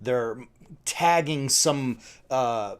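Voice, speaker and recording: A man's voice: mid-range voice, drawn-out words, smooth. Agitated ranting man hosting a livestream. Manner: agitated, ranting, reads headlines aloud. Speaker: host of faith livestream. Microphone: streaming setup.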